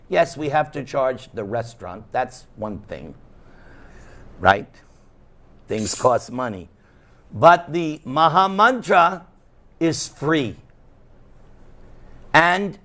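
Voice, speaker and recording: A man with a New York accent giving a devotional lecture, slow and emphatic, leaning hard on key words with a playful touch for his live audience. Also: a little high, fairly bright tone. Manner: slow, emphatic, sing-song rise and fall on key words. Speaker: monk lecturer.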